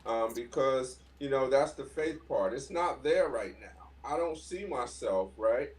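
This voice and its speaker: A male panel guest talking thoughtfully and sincerely. His voice sits at a middle pitch and comes across slightly distant, as if set back from the microphone. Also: expressive, a little slow. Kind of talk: casual panel discussion.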